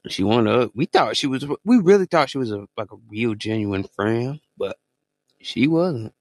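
A man co-hosting a podcast in casual chat, telling stories in slang with sudden high exclamations. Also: animated, normal speed, darkish tone, dry recording. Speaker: podcast co-host.

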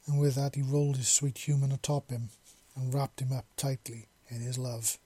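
A man narrating a story in a steady, even reading. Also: mid-range voice, moderate pace, husky, dry recording.

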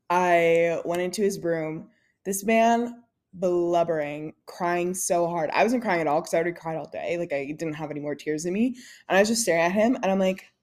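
A woman co-hosting a podcast, telling stories in casual chat with lots of "like" and acting out quoted lines. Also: fairly low pitch. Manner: storytelling with lots of "like" and laughter; acts out quoted lines in dialogue. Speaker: podcast co-host.

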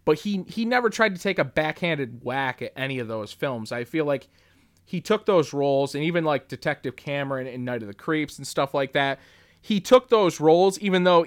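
A man hosting a podcast, telling a story in a casual, rambling way full of restarts. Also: on the high side. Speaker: podcast host.

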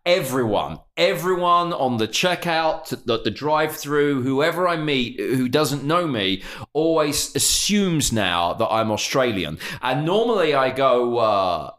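Animated English man telling stories. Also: medium pitch, a little slow. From England. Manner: rambling, swearing storyteller. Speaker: podcast co-host. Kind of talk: casual chat.

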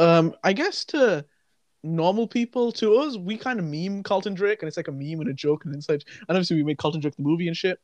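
Young man, quick and slightly high-pitched, chatty film-podcast co-host, dry sound. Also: dry recording, dull audio. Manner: excitable, swears freely, stumbles and repeats words. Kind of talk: casual chat.

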